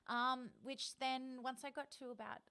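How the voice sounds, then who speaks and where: A woman's voice: high voice, fairly even intonation, a little slow, bright, forceful tone, smooth. Rambling Australian woman chatting on stream. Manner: chatty and rambling, many ums, laughs often. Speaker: live streamer. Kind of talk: rambling casual live-stream chat.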